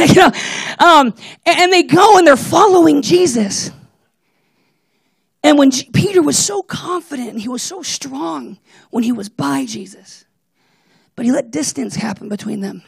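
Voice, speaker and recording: A man preaching a casual, jokey sermon to a church, acting out Bible characters with lively asides. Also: very high-pitched, vocal fry, slightly rough, dry recording.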